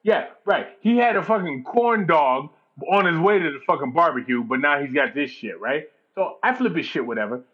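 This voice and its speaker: A man telling a long story in casual chat, profane and animated, acting out the people in it. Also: on the high side, normal speed, hardly any pauses, lo-fi sound.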